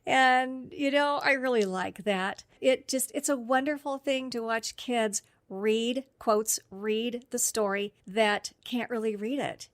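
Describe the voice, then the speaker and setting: Woman clinician presenting a training podcast; warm teacherly explainer, dry close mic. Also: on the high side, slow, no room sound. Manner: friendly, explanatory, with occasional laughs. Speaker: speech therapist presenting professional development. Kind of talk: instructional podcast talk.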